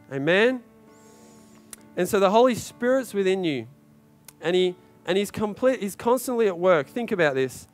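A man preaching in a church service with a fairly high voice. He drives his points home with fervent repetition and urging calls to the congregation. Soft instrumental music plays faintly behind him. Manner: impassioned preaching with repeated phrases and calls of "come on". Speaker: pastor. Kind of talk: sermon.

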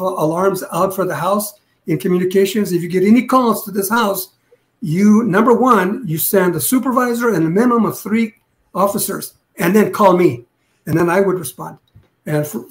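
An older man, a retired police detective, telling a long story in a casual interview, rambling with restarts and acting out what others said. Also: high-pitched. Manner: rambling, restarts, acts out quotes.

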